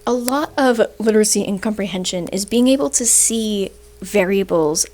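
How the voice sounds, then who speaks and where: Her voice is medium-pitched and a little mellow, moving at normal speed as this young university student chattily explains grammar and statistics. Hiccups interrupt her, and "right?" ends many of her lines in this casual rant.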